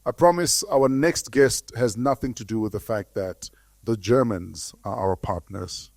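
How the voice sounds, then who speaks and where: A man from South Africa hosting an interview show, introducing his guest and asking questions in a lively, playful way. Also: lowish voice, a little slow, vocal fry. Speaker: podcast host.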